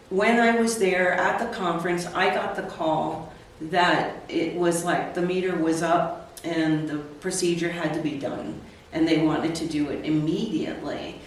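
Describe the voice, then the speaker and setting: A woman in her sixties, a real estate agent, telling her personal story as a guest in an interview, candid and earnest. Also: lowish voice. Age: 60s. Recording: echoey, distant, faint noise.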